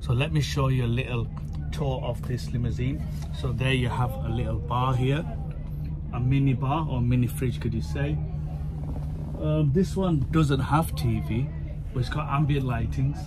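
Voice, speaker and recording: A man vlogging casually to camera, chatty and excitable, addressing his viewers as guys. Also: medium pitch, normal speed, very noisy.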